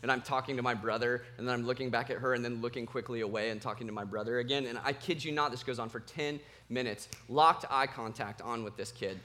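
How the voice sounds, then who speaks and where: A man preaching a sermon as pastor, telling a personal story in an animated, self-mocking way. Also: medium pitch, fast talker, hardly any pauses.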